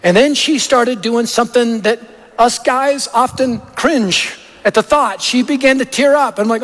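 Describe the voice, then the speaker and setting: High-voiced preacher in an echoey hall. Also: male voice, a little slow. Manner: animated, anecdotal, punchy lists. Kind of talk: sermon with storytelling.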